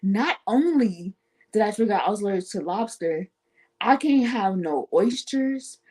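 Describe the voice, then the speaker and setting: A woman's voice: mid-range voice, normal speed, husky. A woman guest on a talk show, telling a personal story casually and acting out the voices of the people in it. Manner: animated, acts out quoted voices.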